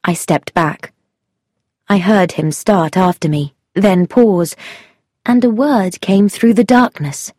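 A woman narrating a first-person story in a measured, deliberate reading voice. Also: lowish voice, darkish tone, no room sound, clean studio sound. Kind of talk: scripted narration.

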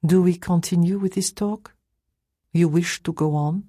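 A woman voicing a stern, formal older woman with slow, deliberate speech, read in an audiobook. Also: on the low side, steady tone, warm tone, no room sound, studio quality.

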